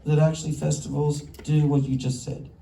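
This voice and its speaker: With a fairly high, gravelly voice at normal speed, an Australian film director recounts animated, self-interrupting anecdotes during a festival stage conversation before an audience. Crowd noise is audible, and the echoey hall is captured by a distant mic.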